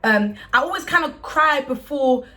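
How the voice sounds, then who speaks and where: A young woman talks openly to the camera in a casual, rambling way. She often restarts her sentences and fills gaps with small words. Her voice sits a little high. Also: lively intonation, bright, forceful tone. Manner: fast, rambling, with many restarts and fillers. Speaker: music artist talking to camera. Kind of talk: candid casual talk to camera. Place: indoors, warm room.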